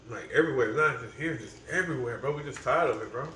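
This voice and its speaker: A man's voice: medium pitch, quick pace, a bit bright, slight background noise. Man, co-host, short laid-back interjections; distant and roomy. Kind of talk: casual chat over a meal. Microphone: camera set up at a distance. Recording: roomy echo, distant mic, faint ambience.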